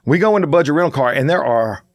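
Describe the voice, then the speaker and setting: A man's voice: a little high, quick pace, dry recording, studio quality. A man co-hosting a podcast, telling a long travel story with energy and acting out the lines of people he met. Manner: animated storyteller, acts out other people's lines. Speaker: podcast co-host. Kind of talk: storytelling in casual chat.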